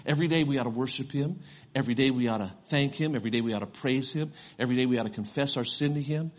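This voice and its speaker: A man's voice: medium pitch, racing. An older man, a grandfather and pastor, preaching a sermon, telling a personal story and rising to fervent preaching.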